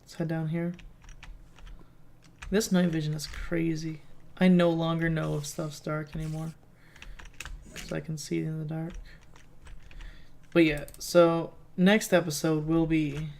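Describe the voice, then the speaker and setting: Flat, gravelly-voiced man narrating gameplay. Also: fairly high pitch, measured pace, pauses often, a little hiss or hum. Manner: rambling, thinking aloud as he plays. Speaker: let's play host. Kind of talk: casual gameplay commentary.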